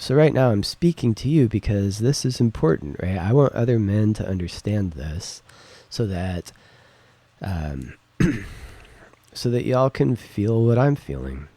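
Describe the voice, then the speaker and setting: A man's voice: lowish voice, dark tone, dry recording. A middle-aged man, host of his own show, musing in a rambling casual monologue full of fillers and tag questions, recorded on a home studio microphone. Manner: rambling, lots of fillers and "right?". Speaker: podcast host. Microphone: studio microphone with interface.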